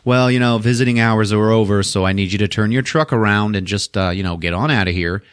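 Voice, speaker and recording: A man's voice: fairly low pitch, fast, clear, resonant tone, no room sound, studio quality, close to an everyday voice. A man voicing a dismissive night guard who speaks in a brusque, profane way.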